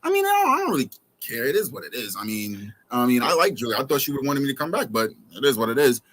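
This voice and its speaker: Husky-voiced man in a relaxed chat. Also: mid-range voice, fast. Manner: laid-back, repeats phrases for emphasis. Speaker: podcast guest. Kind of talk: casual chat.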